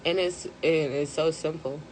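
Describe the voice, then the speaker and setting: A woman speaking on a live stream, close to tears, hesitant and full of pauses and fillers. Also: low voice, steady tone, a little mellow, a little hiss or hum. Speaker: mental health live streamer. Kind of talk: emotional live stream talk.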